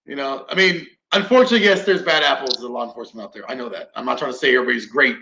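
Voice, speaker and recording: A man guest on a casual podcast, telling lively stories, swearing freely and acting out what others said. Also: medium pitch, racing, gravelly, a little hiss or hum, poor audio. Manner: animated storyteller, swears freely, acts out quoted instructors.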